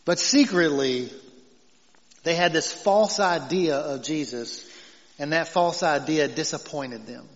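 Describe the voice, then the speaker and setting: A pastor with a Southern accent delivers a conversational sermon, often chuckling and growing loud and emphatic as he quotes scripture. His voice sits on the high side and his pace is slow, captured in a lo-fi church hall with dull, long reverb.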